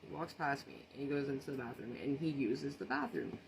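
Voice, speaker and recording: A man's voice: mid-range voice, fairly quick, creaky. Shaken man telling a storytime, noisy. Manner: earnest, shaken retelling with restarts and repeated phrases. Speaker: social media storyteller. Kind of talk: casual personal storytime. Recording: noticeable background noise.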